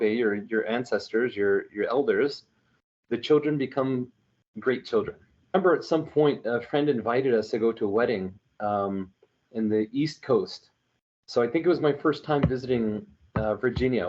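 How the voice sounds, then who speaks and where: A man's voice: mid-range voice, muffled recording. Earnest man from New Mexico telling winding anecdotes. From New Mexico, United States. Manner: earnest and animated, with winding anecdotes and frequent restarts. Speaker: storyteller for an online religious media group. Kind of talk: casual conversational storytelling.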